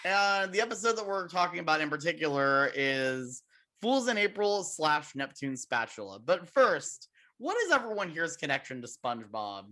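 A man's voice: fairly high pitch, sing-song, normal speed, pushed and bright. A man hosting a casual podcast, retelling things in long rambling runs. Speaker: podcast host.

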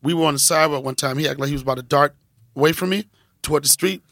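A male comedian telling a story in a relaxed chat, acting out the people he quotes. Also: fairly high pitch, racing, no room sound, studio quality. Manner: animated, acts out the people he quotes. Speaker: comedian and guest.

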